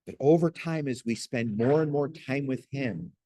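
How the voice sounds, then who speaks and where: A man with a mid-pitched voice gives a spoken faith lesson in an earnest, pastoral way, reaching for homely examples. The sound is dry and close, with no room echo. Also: moderate pace, warm tone. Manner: earnest, pastoral, folksy illustrations. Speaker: Christian teacher. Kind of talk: gentle spoken teaching.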